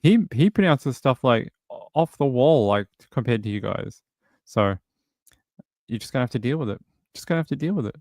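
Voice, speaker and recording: A man's voice: mid-range voice, expressive, normal speed, pauses often, a little mellow, no echo, studio quality. A man casually commenting on a true crime case during a livestream, reading and answering chat, rambling with lots of fillers. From outside the US. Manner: rambling, many fillers and restarts.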